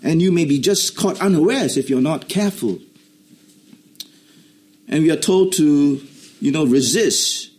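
Animated man preaching a sermon. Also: fairly high pitch, unhurried, long pauses. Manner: expository preaching, explaining Greek words, animated rises. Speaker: pastor.

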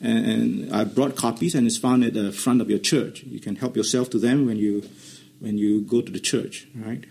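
A man preaching a sermon, emphatically repeating key phrases, explaining Greek grammar in a teaching tone, and dropping into quiet asides. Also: mid-range voice, fairly even intonation, normal speed, creaky.

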